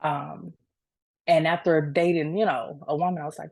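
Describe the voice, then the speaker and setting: A young woman, an author, telling her personal story in an earnest, faith-filled way, halting and restarting as she speaks. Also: deep voice, steady tone, vocal fry, darkish tone, no room sound. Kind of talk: emotional personal testimony.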